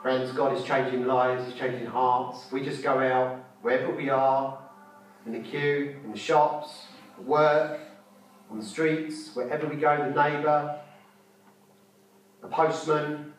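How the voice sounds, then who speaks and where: A man preaching at a conference, fervent and repetitive, shifting between loud exhortation and quiet storytelling. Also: mid-range voice, level tone, measured pace, a little hiss or hum. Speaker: street preacher. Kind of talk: conference sermon. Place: large conference hall. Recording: echoey hall from a distance with faint music.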